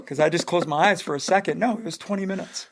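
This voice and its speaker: Brief: male podcast host in his thirties, gravelly voice pitched a bit high, chatty storyteller who laughs a lot. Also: fast. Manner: laughing storyteller, swears freely. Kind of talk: casual chat.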